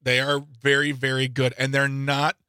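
Male co-host, playful banter, bright and dry studio voice. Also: medium pitch, completely flat delivery, moderate pace, clean tone, dry recording. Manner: jokey, playful asides. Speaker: radio co-host. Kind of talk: casual radio banter. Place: radio studio.

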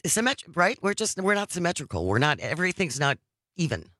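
A woman's voice: on the low side, very animated, fairly quick, fairly bright tone, no room sound. A woman hosting a morning radio talk show live from a studio, upbeat and jokey, speaking into a studio microphone.

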